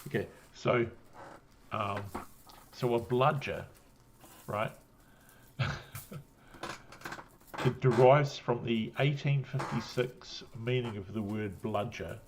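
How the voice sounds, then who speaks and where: A New Zealand man talks at an everyday middle pitch in loose, wandering chat. He has had a drink, laughs at his own tangents and swears without a second thought. A faint hiss of noise sits under his voice. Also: slow, pauses often. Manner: rambling, laughs often, swears freely. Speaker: guest on a livestream. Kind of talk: casual chat.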